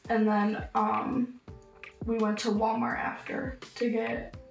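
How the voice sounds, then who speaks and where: A woman's voice: a little high, little pitch movement, takes it slowly, creaky. A young woman recounting her own hard experiences in an interview, getting emotional and acting out how she pleaded. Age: young adult. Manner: emotional, acts out pleading voices in her story. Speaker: survivor interviewee. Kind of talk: personal storytelling. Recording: echoey room with faint music.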